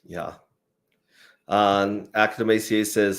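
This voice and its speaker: A man hosting a casual livestream, reading viewer comments aloud in a relaxed way with lots of fillers. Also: low-pitched, a little slow. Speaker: host.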